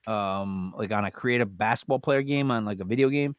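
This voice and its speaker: A man's voice: lowish voice, a little fast, clean tone, no room sound. A man co-hosting a live online talk show, joking and rattling off lists in casual banter with bursts of emphasis. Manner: playful, jokey, rattles off names with emphatic bursts. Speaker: podcast co-host.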